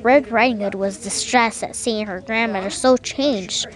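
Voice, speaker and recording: A woman reading a fairy tale aloud as narrator, lively with small slips. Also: medium pitch, unhurried. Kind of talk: storybook reading.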